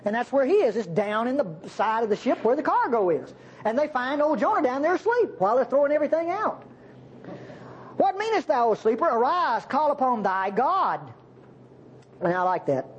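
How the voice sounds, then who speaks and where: A man's voice: very high-pitched, big pitch swings, quick pace, a little hiss or hum. A man preaching a sermon, teaching the Bible in a folksy, chuckling way. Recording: dull lo-fi sermon recording.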